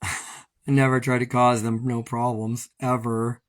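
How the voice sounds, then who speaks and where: A man's voice: mid-range voice, level tone, a little slow, dry recording. A man from Hawaii ranting on a casual livestream while walking his dogs, swearing constantly and laughing bitterly between complaints. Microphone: phone.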